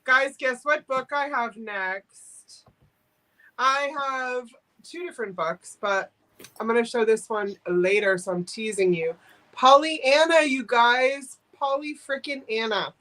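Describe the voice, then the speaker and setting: A woman's voice: a little high, takes it slowly, fairly bright tone, rough recording. A woman hosting a live vintage sale, chatting and joking often. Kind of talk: casual sales chat.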